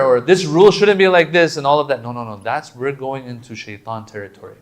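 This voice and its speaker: A man's voice: medium pitch, a little fast, hardly any pauses. Conversational man giving a lecture. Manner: conversational, animated, slangy asides. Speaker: religious lecturer. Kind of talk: sermon.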